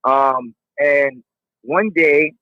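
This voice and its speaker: A man tells a personal story in an easygoing, slangy voice that sits a touch high for him. He fills the talk with loose fillers. The audio is muffled and lo-fi, with no room sound at all. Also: drawn-out words, no room sound. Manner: relaxed, slangy, many fillers. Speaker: interviewee. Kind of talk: casual storytelling. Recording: dull, dry lo-fi audio.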